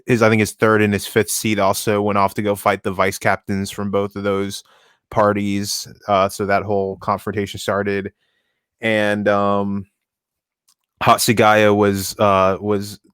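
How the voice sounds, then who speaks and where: Man with a flat, smooth, dry voice. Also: fairly low pitch, no room sound. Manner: halting, searching for words mid-sentence. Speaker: co-host reading the series. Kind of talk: casual discussion stream.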